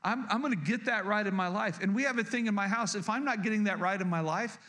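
A man's voice: high voice, fast talker, sharp tone. A man around fifty preaching a sermon as pastor, folksy and joking, talking straight to his congregation and often repeating himself. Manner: folksy, humorous, addresses the congregation directly; repeats and restarts words.

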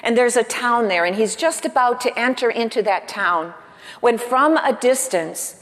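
A woman's voice: fairly high pitch, moderate pace, a bit bright, in a large hall. A woman pastor preaching a sermon with earnest emphasis, asking the congregation rhetorical questions. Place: church.

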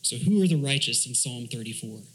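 A man's voice: mid-range voice, lively intonation, brisk, rough recording. A man, a church elder, preaching a sermon, asking rhetorical questions, reading scripture aloud and explaining Hebrew words.

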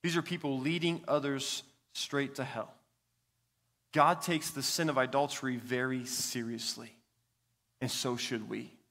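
A man's voice: mid-range voice, steady tone, measured pace, fairly bright tone. A young man, a student pastor, preaching a sermon in an earnest storytelling way. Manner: earnest, storytelling with a child's anecdote. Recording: reverberant hall.

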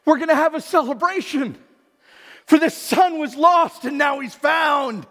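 A man's voice: extremely high pitch, unhurried, a bit bright, raised voice, voice pushed up. A man preaching in a hall, voicing a loving father who proclaims a celebration for his returned son. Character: loving, joyful old father. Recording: long hall reverb.

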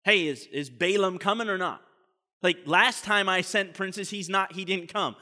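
A man's voice: sits high, moderate pace, long reverb tail. A man voicing an impatient, scheming ancient king who whines and makes demands. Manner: whiny, excitable, demanding.

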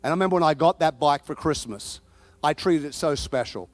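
Guy preaching a sermon, high voice, gets loud and animated telling stories, dry close sound. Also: fairly quick, no echo. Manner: animated storytelling, bursts into shouting.

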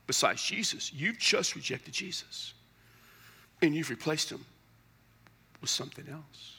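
A man's voice: mid-range voice, gravelly, pushed and bright. A middle-aged male pastor preaching a sermon in a conversational, joking way with emphatic asides.

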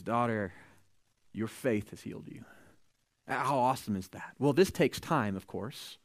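A man preaching a sermon, retelling scripture with lively storytelling, acting out the quoted voices and adding joking asides. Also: mid-range voice, measured pace, dry recording. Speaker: pastor.

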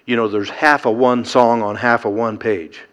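A man's voice: mid-range voice, steady tone, normal speed, a bit bright, clear, resonant tone. A middle-aged man preaching a sermon, earnest and emphatic, building to rhetorical questions.

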